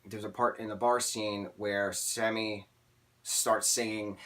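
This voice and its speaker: A man's voice: on the low side, level tone, slow, a bit bright. A man reviewing a TV season in a casual vlog, rambling through tangents and filler words, openly emotional. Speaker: TV show reviewer.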